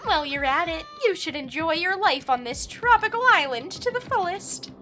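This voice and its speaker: A gleeful male bear mascot villain, put on by a woman reading a game aloud. He stretches every word into a slow, gloating taunt, high-pitched and sharp-edged. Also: lively intonation, soft background music, heavily acted. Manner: slow, drawn-out taunting delivery. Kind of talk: game dialogue read aloud on stream.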